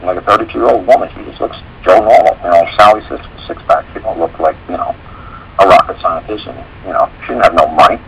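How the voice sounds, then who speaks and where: A man with a fairly low voice tells stories on a talk radio show, rattling along at a brisk clip. He rambles and slips into the voices of the people he quotes. A faint hiss of noise sits under the recording. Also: creaky, a bit bright, low-quality recording. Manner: rambling storytelling, acts out quoted dialogue.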